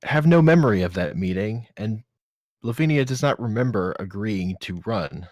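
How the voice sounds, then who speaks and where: A man playing a tabletop game, speaking in a deliberate, measured way. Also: lowish voice, lively intonation, a little mellow, no echo, clean studio sound. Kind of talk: in-character play.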